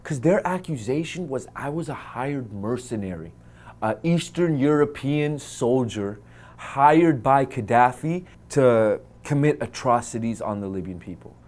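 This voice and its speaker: A man from the United States telling a personal story to camera, acting out what people said and dropping into a hushed voice for tense moments, with Arabic phrases mixed in. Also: medium pitch, lively intonation, measured pace. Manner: dramatic retelling, acts out quoted lines and drops to hushed tones.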